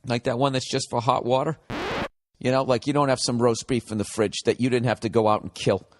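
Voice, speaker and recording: Profane, sarcastic comedian ranting. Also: male voice, mid-range voice, flat delivery, a little fast. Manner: profane, sarcastic, jumps into mocking put-on voices. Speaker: podcast host. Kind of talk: comedic podcast rant.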